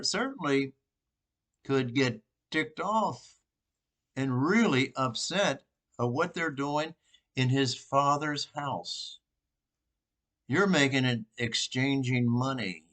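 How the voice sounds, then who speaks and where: An older man, a priest, giving an informal, rambling sermon reflection with pauses and restarts. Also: a little high, expressive, a bit bright.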